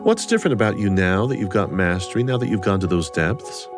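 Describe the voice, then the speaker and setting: A man hosting an interview, asking thoughtful, gentle questions. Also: on the low side, animated, a little fast, music in the background. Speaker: interviewer, host.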